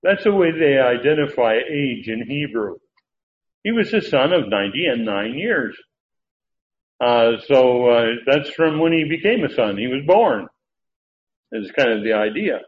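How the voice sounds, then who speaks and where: A man teaching through Bible verses word by word, pausing often with filler sounds as he explains. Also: medium pitch, sing-song. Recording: dull lo-fi recording with faint background noise.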